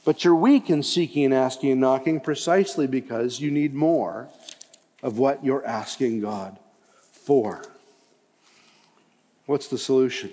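A man's voice: medium pitch, slow. Impassioned male preacher in reverberant hall. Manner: impassioned, rising to loud emphatic cries. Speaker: pastor. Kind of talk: sermon.

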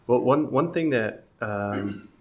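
A man's voice: mid-range voice, takes it slowly. A middle-aged man telling casual, self-deprecating stories about marriage and parenting, laughing often. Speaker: guest speaker. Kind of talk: casual storytelling about family life.

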